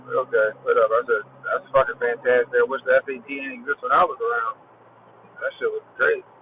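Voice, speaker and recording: A man's voice: mid-range voice, a little fast. A man in his forties hosting a show, telling stories in loose, profane casual chat. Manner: profane, animated storytelling. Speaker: podcast host. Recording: tinny phone-like audio, faint noise.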